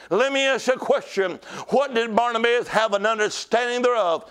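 A man preaching a sermon as pastor, emphatic, asking rhetorical questions and calling the congregation to shout back. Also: very high-pitched, moderate pace, few pauses, clean tone.

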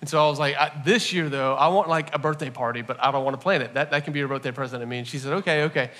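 Bright, earnest man in his forties preaching. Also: mid-range voice, rapid-fire. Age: 40s. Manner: storytelling, animated and earnest. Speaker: pastor. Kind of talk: sermon.

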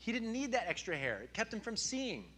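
A man in his thirties preaching a sermon, animated and telling stories with sudden loud outbursts. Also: high voice, fairly quick. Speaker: pastor.

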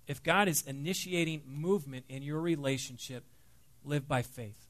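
A man's voice: fairly high pitch, normal speed, no echo. A middle-aged man giving a conversational, earnest sermon with a personal story, as the pastor. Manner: conversational, earnest, with many fillers and soft dips.

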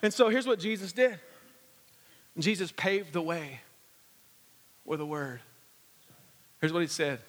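Man, pastor, sermon, animated and joking, long echo of a sanctuary. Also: a little high, unhurried, long pauses. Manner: animated storytelling with humor, acting out scenes. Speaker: guest pastor. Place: church sanctuary. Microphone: handheld or stage microphone.

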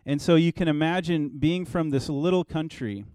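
A man in his thirties, a pastor giving a relaxed, conversational sermon with personal stories. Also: on the high side, moderate pace, clean tone, no room sound.

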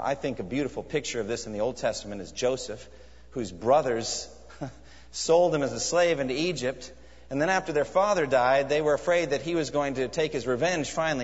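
A man preaching a sermon in an earnest, conversational way, often restarting his phrases. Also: fairly high pitch. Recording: dull sound with long hall reverb.

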